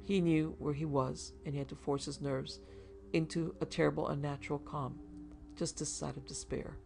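A man narrating a macabre short story in a measured, even storytelling delivery. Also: fairly high pitch, gravelly. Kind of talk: scripted horror story narration.

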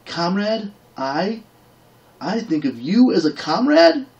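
A man's voice: high-pitched, sing-song, slow pace, gravelly, highs cut off, pitched above the performer's own voice, full character voice. A man voicing an indignant warrior woman. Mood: incredulous. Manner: indignant, sharp. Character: fierce proud young warrior woman.

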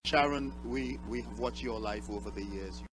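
A man presenting at an awards ceremony, speaking in a measured way, spelling out terms, with many pauses and fillers. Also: medium pitch, low-quality recording. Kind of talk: ceremonial speech.

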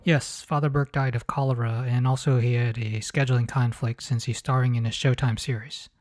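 A man's voice: mid-range voice, steady tone, brisk, darkish tone. Sarcastic man mocking a movie. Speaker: host. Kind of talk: comedic movie commentary.

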